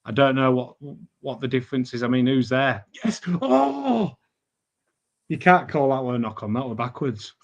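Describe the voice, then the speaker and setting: A man's voice: medium pitch, flat delivery, a little fast, hardly any pauses, dull audio. Man reacting to a match. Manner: short anxious interjections as a fan. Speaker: fan watch-along co-host.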